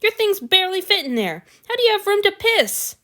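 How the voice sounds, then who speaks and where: A woman's voice: medium pitch, lively intonation, a little fast, a bit bright, natural voice. A woman voicing a brusque but caring male god in a fan fiction reading, with a blunt, curt, exasperated way of talking.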